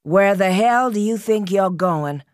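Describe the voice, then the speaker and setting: A woman voicing a middle-aged mother who rants and screams in a high, strained voice. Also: expressive, a little slow, a little mellow, no room sound, clean studio sound, lightly acted. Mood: raging. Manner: screaming, high-pitched ranting and begging.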